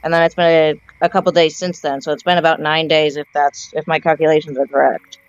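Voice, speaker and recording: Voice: mid-range voice, level tone, fast, clear, resonant tone, no echo. A player in a tabletop game recapping past events, speaking hesitantly with many fillers. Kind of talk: casual chat. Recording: dull lo-fi mic with faint music.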